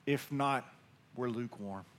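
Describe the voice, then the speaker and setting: A man's voice: medium pitch, a little slow. A man with a Mississippi Southern accent preaching a sermon in a folksy, humorous storytelling way. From Pearl, Mississippi. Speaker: pastor.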